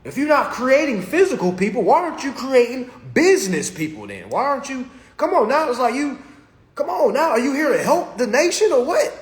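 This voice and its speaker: A man with a high voice rants with a preacher's fervor. He swoops widely up and down and keeps asking his listeners "all right?". The room around him rings with echo. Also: sing-song, fairly quick. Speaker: social media host. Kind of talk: animated motivational rant.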